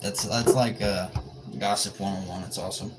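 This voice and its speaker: A man's voice: deep voice, fairly even intonation, normal speed. A tired man chatting casually on a late-night livestream, joking and answering viewers' comments in a laid-back way. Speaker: livestream host. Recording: noisy livestream audio.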